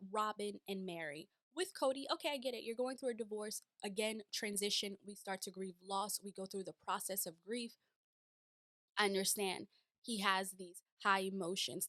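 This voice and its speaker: A woman's voice: mid-range voice, a bit bright, no room sound. A woman giving casual, emphatic reaction commentary on a reality show, with many rhetorical questions.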